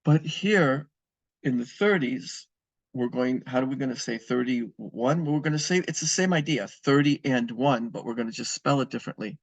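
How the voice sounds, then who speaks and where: A man's voice: medium pitch, normal speed, gravelly, no room sound. A man teaching a beginner language lesson, patiently repeating and spelling out words for his students. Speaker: Spanish teacher. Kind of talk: recorded classroom lesson.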